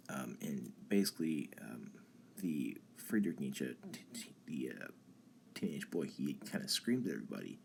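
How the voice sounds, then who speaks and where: A young man with an extremely low voice and a gravelly fry, talking casually and haltingly as a stream host. He fills his pauses with ums and starts his sentences over and over. A faint hiss sits under the voice. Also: a little mellow. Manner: halting, many ums and restarts. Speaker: channel host. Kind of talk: casual philosophy talk on a live stream.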